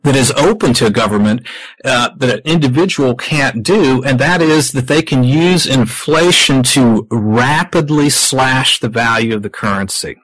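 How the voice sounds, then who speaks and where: A man as a podcast guest, explaining at a measured pace and putting rhetorical questions to the host. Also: mid-range voice, a bit bright, slightly rough, dry recording, poor audio. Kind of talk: explanatory interview talk.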